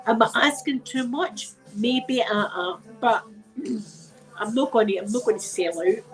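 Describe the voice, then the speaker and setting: Soft music plays in the background of this low-quality recording as a channel host talks a little slowly in a voice on the high side. She's a middle-aged Scottish woman fighting a cold, chatty and emphatic with her live viewers, repeating herself and dropping local words such as wee and dead.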